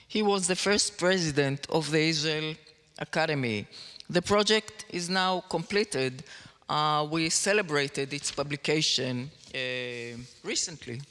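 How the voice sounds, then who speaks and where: Woman panel guest, slow and careful, bright smooth tone, reverberant hall. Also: sits low. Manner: slow, careful report with trailing fillers. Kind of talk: panel discussion.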